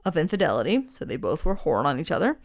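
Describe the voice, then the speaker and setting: A woman's voice: sits low, big pitch swings, fast. A young woman co-hosting a podcast, casually retelling a true crime story with lots of ums, restarts and swearing. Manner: rambling, swears freely, frequent ums and restarts.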